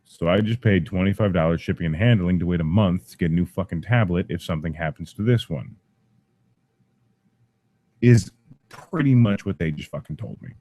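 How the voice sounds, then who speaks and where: A man's voice: deep voice, moderate pace, dark tone. Swearing, exasperated man ranting. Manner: profane, exasperated. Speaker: parent. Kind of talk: angry rant to camera.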